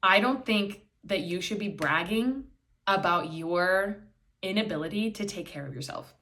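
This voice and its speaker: A woman's voice: medium pitch, unhurried, pushed and bright. A young woman hosting a solo podcast, talking candidly and bluntly, swearing freely and acting out quoted voices, filming herself indoors. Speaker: podcast host.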